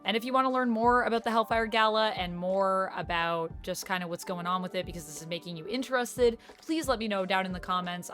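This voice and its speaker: A woman's voice: on the low side, a bit bright. A woman YouTuber chatting casually in a reaction vlog, gushing as a self-described fan.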